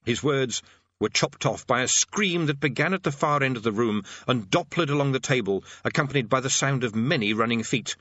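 A man's voice: mid-range voice, lively intonation, fairly quick, fairly bright tone, no echo, highs cut off. A man narrating an audiobook with a dry, wry delivery.

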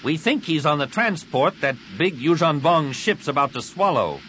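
A man's voice: on the high side, sing-song, moderate pace, a bit bright, a little hiss or hum, voice pushed up. A man voicing a weary, stern male fleet commander in an audiobook, curt and commanding.

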